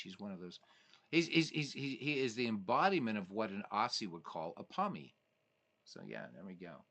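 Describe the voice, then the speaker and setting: Chatty low-voiced man streaming baseball games. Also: moderate pace, vocal fry. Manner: chatty, reads chat messages aloud, excitable asides. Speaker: livestream host playing a baseball sim. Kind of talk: casual live-stream commentary.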